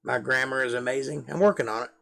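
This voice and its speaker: A man's voice: medium pitch, steady tone, fast talker, vocal fry, a bit bright. A middle-aged man with a Georgia Southern drawl, rambling and self-deprecating in casual live-stream chat to camera. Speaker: live-stream host, musician.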